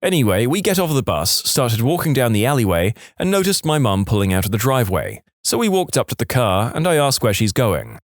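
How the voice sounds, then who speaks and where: A man reading submitted stories aloud in an animated storytelling manner on a close studio mic. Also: on the low side, brisk, hardly any pauses, no echo. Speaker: story narrator.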